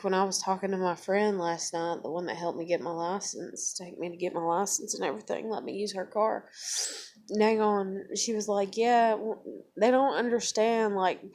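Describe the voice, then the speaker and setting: A woman's voice: mid-range voice, a little mellow. A woman talking straight to camera in a casual confessional vlog, venting in a worn-out way, swearing often and restarting her sentences. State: weary, emotionally worn down. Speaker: vlogger.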